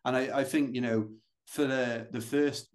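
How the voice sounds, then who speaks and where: A British man talks at an ordinary middle pitch as a podcast guest. His answers run long and loose, full of fillers, restarts and asides. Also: steady tone, measured pace. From United Kingdom. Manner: chatty, rambling, many fillers and restarts. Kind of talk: casual interview storytelling.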